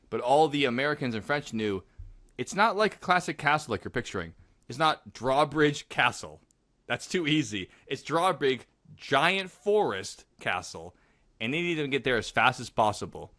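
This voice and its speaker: A man co-hosts a casual podcast, spinning a story with animated energy. His voice is bright and forceful. The recording is dry and close, and he throws himself into quoting the characters. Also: medium pitch, moderate pace, no echo. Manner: animated, acts out quotes in voices. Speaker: podcast co-host.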